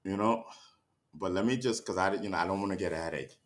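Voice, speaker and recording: Talking casually to his livestream chat through a streaming mic, a man with a low, fast voice is out of breath and keeps catching it. He sighs heavily, stammers and restarts, and often checks in with phrases like "you know what I mean."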